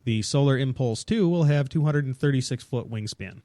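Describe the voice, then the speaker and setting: A man co-hosting a podcast works through facts in casual conversation, often restarting his sentences as he finds the words. His pitch sits in the middle for a man. The recording is dry and close, with almost no room sound. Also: moderate pace, warm tone, no echo. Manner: explains facts with frequent restarts. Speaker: podcast co-host. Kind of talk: casual chat.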